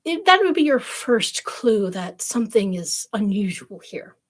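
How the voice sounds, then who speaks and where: A woman's voice: medium pitch, sing-song, a little slow. A woman streamer reading fairy tales aloud, breaking off for wry, snarky commentary. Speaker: storyteller streamer.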